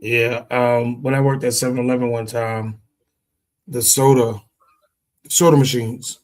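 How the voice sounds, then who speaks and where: A man's voice: mid-range voice, flat delivery, measured pace, poor audio. A man chatting casually on a podcast in a laid-back way, swearing freely. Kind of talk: casual chat.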